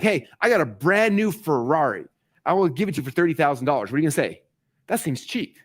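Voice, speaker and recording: A man in his forties teaching a live online masterclass, talking straight to his viewers and acting out quick quotes with excitement. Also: medium pitch. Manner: fast, excited, talks to the audience directly, acts out quotes. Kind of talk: energetic live-stream teaching.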